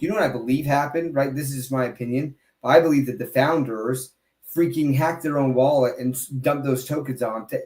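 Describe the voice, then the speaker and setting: Animated man talking in an echoey room. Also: mid-range voice. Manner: animated, emphatic, quick asides and restarts. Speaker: podcast host. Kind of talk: casual crypto podcast chat.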